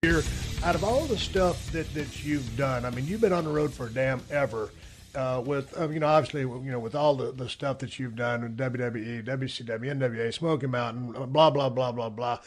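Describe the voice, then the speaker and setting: A man's voice: mid-range voice, normal speed, faint music behind. A man hosting a casual interview podcast, talking loosely and swearing freely. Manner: loose, profane, chatty.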